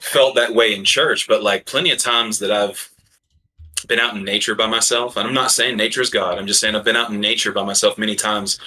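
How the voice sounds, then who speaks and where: Low, bright-voiced man talking casually. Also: fairly even intonation, fairly quick, a little hiss or hum, low-quality recording. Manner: casual, joking, then earnest. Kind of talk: live online debate chat.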